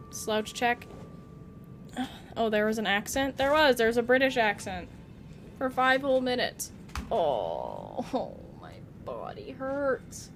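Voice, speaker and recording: Teasing the character on screen and joking with her viewers, a young woman gives live commentary while streaming a game. Her voice is a little high, and background noise can be heard.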